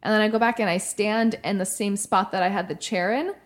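Young woman, podcast co-host, casual storytelling, filler-heavy, middle pitch. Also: steady tone, a little fast. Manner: chatty, frequent "like" fillers, swears.

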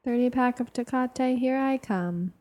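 A woman co-hosting a podcast in casual chat, dropping wry, quick quips. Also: on the high side, dark tone. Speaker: podcast co-host.

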